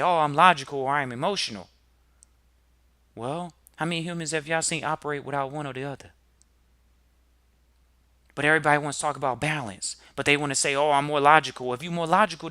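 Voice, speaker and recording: Bright-voiced man giving a motivational talk. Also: fairly high pitch, no echo. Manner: preachy, builds to loud emphatic peaks; addresses listeners directly with rhetorical questions. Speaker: podcast host.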